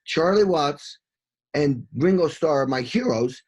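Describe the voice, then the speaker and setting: An excitable middle-aged man with a husky, slightly raised voice tells studio war stories in a rush. He swears freely and sings out drum patterns as he goes. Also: on the high side, slow. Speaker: session drummer, interview guest. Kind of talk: animated storytelling in an interview.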